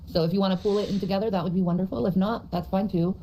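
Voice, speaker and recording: A woman's voice: medium pitch, fairly even intonation, racing, warm tone, slight background noise, rough recording. A woman co-hosting a livestream, mostly agreeing in short, casual replies. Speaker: livestream co-host.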